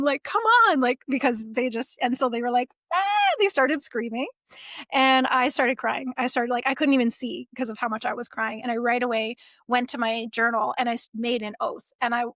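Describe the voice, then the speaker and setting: Young woman, casual storytelling, animated, laughs a lot, dry close mic. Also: on the high side, no echo. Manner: animated, laughs often, many likes and restarts. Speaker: podcast guest, astrologer.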